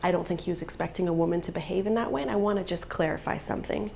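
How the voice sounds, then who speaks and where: A woman's voice: lowish voice, rapid-fire, creaky, darkish tone, slight background noise. A woman in her thirties, a vlogger and mother, telling a personal story in an earnest, emotional way.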